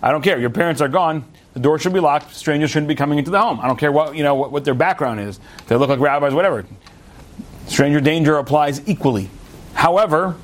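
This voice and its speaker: Young American man, rabbi giving a casual Torah talk, lively delivery, slightly high voice, faint noise behind. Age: young adult. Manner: animated, chatty, with frequent restarts and asides.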